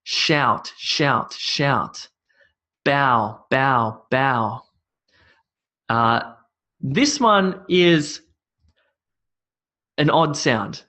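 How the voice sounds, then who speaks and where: A man's voice: mid-range voice, very slow, long pauses, pushed and bright. A man with an Australian accent teaching English pronunciation, repeating each word three times. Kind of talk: pronunciation drill lesson.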